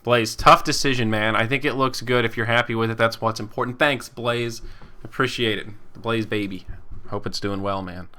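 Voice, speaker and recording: This twenty-something podcast host and esports caster speaks at normal speed in a steady, mid-range voice that comes across bright and forceful. Chatting casually, he rambles and chuckles through viewer comments from live chat, acting out the people he quotes.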